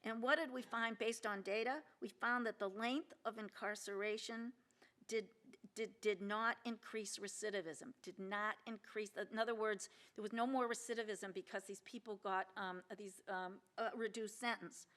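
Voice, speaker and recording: A woman's voice: medium pitch, fairly even intonation, moderate pace, a bit bright. An older woman giving a conference keynote speech, earnest and emphatic, with many restarts and fillers and questions to the audience. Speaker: keynote speaker, federal judge. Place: lecture hall at a law symposium.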